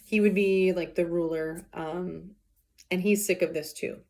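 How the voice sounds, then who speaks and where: A woman's voice: fairly low pitch, steady tone, unhurried, a little mellow. A woman teacher reading a play aloud and explaining it in casual, plain modern words. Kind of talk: read-aloud lesson with explanations.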